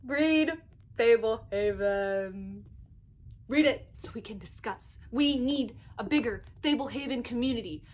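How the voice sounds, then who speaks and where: A young woman rambling excitedly in a casual book review vlog, recorded on her phone. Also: on the high side. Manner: excitable, gushing, talks in quick bursts with restarts. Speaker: book vlogger. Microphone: phone microphone.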